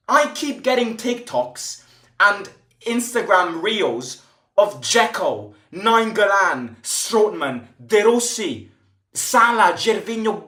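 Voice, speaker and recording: A man's voice: high-pitched, very animated, takes it slowly, pushed and bright. A man hosting a football fan channel, delivering an exasperated, profane post-match reaction rant with lots of repetition. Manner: exasperated, swearing, repetitive ranting. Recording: echoey room.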